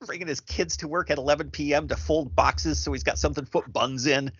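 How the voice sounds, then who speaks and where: Halting middle-aged man, bright dry voice. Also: on the high side, fairly even intonation, husky, no echo. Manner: halting, reflective, many restarts. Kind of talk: casual chat. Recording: dry dull lo-fi sound.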